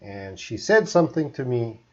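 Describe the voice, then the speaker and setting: A Canadian man teaching English on a live stream, explaining slowly with frequent pauses. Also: mid-range voice, sing-song, highs cut off.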